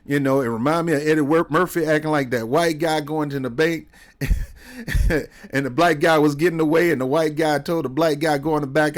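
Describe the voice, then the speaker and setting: A man giving casual political commentary in a heated, rambling way, full of sarcastic asides and repeated questions. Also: a little high.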